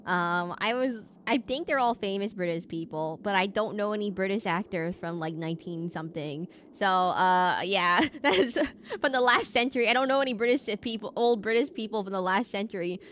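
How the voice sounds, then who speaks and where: A woman streams a game from a desk mic at home, talking in a loose, rambling way that keeps restarting itself. Her pitch sits in the middle for a woman, and a faint hum of room noise runs underneath. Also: normal speed, fairly bright tone. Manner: chatty and rambling, many fillers and restarts. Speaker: VTuber streamer. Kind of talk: casual game stream chat.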